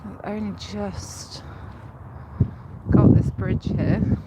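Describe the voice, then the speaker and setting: A young woman from Leicestershire with a softened Leicestershire accent, chatting on a live stream while walking a cycle path, enunciating carefully and giggling. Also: mid-range voice, flat delivery, drawn-out words. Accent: Leicestershire English, toned down. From Leicestershire, England. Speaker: livestreamer. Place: outdoors on a riverside cycle path. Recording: loud outdoor noise, wind and traffic.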